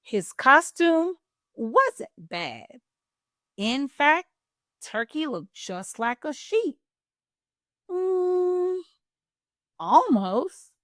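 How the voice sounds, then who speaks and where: A woman hosting a children's storytime, reading a picture book aloud in a playful, expressive way. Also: sits high, no room sound, clean studio sound. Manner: expressive, playful, drawn-out delivery.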